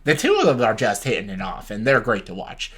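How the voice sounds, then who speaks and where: A man's voice: fairly low pitch, wildly swooping pitch, a little fast, a bit bright, breathy edge. A young man vlogging casual commentary on a reality show, talking bluntly with lots of swearing and exasperation. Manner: blunt, heavily profane, exasperated ranting.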